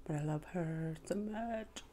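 Middle-aged lady doing a mukbang, low mellow voice, chatty, mm-hmms between bites. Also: measured pace, a little hiss or hum. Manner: chatty, eating between words, frequent mm-hmms. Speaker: mukbang vlogger. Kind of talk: casual chat while eating.

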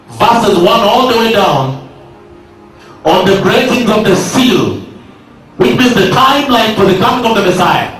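A man preaching a sermon at a slow, emphatic pace, building up to shouted declarations. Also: high voice. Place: large hall at a university. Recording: echoey hall, from far off, faint music.

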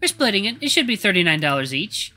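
A man voicing a practical, organised young woman in a tabletop game, who speaks calmly and matter-of-factly. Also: mid-range voice, quick pace, soft background music, pitched above the performer's own voice.

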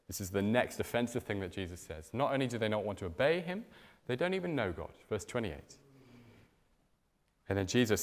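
Lively preacher in a church hall. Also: male voice. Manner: animated storytelling with strong swings in pitch and loudness. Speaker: pastor. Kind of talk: sermon.

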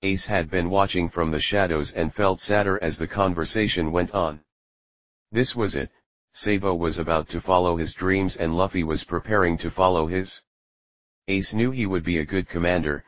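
A man reading fan fiction aloud as narrator, in an even, measured way. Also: low voice, no echo, dull audio.

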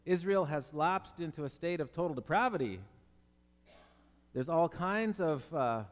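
A man preaching a sermon, his voice sitting a little high. He talks earnestly and conversationally, and the sound trails off into a long reverb. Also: animated, measured pace. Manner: earnest, conversational, acts out Bible characters. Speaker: pastor.

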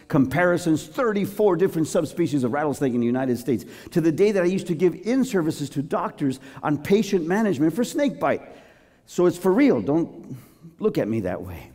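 Theatrical male preacher, lively swooping pitch, long hall reverb. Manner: animated, theatrical, joking storyteller. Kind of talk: sermon.

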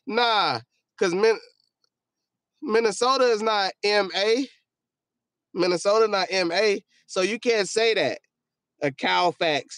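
A man's voice: sits high, unhurried, long pauses, fairly bright tone, no echo, studio quality. Joking, profane male livestream host. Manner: loose, joking, profane, trails off into mumbling. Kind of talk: casual livestream chat reading viewer comments.

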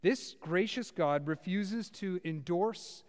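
A male pastor preaching a sermon to a small congregation in a church, with a dramatic delivery that swings from loud to hushed. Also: high-pitched, takes it slowly. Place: church, before about fifty people. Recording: reverberant church hall.

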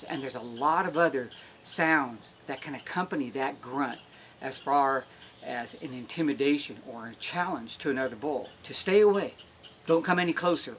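A man's voice: medium pitch, fairly bright tone, slight background noise. A man teaching how to make elk calls, explaining in a folksy, step-by-step way. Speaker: elk calling instructor. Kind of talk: instructional demonstration.

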